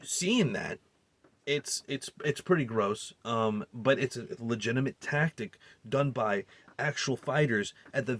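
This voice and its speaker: A man's voice: medium pitch, no echo. Profane, heated man ranting about a film. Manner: rambling with restarts and fillers. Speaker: movie reviewer. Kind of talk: ranting film recap and review.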